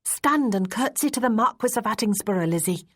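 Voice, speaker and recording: A woman voicing a small, petulant young lady in charge of a child, speaking primly and a little higher than her own voice. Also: lively intonation, brisk, dry recording.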